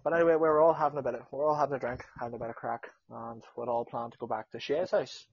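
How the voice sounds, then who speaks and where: A young man with a Northern Irish accent telling a casual anecdote, animated, swearing freely and acting out what people said. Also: mid-range voice, rapid-fire, vocal fry, breathy edge, no room sound. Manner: animated storyteller, swears freely, acts out quotes. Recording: dull lo-fi sound.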